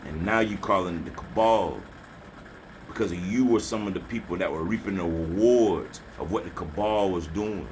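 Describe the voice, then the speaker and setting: A man's voice: low-pitched, moderate pace, a little mellow, a little hiss or hum. A man delivering a preachy motivational rant as a spiritual vlogger, scolding and taunting his listeners with repeated slogans. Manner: repeats slogans, mocking laughter.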